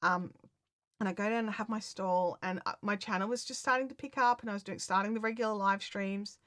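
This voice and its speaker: A woman chatting casually to her viewers on a live stream, excitable and full of fillers and restarts. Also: mid-range voice, brisk, no echo, clean studio sound. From Australia.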